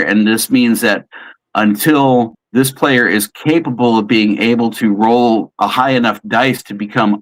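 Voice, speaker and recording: A man's voice: on the low side, fairly bright tone, low-quality recording. A man in a casual chat, patiently explaining how he runs a tabletop role-playing game, often restarting his sentences.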